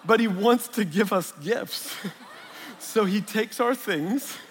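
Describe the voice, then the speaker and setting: The long reverb of a large hall surrounds a male pastor delivering a sermon that mixes conversational stories and humor with Scripture. His voice is high and he takes his time, with a little hiss or hum on the recording.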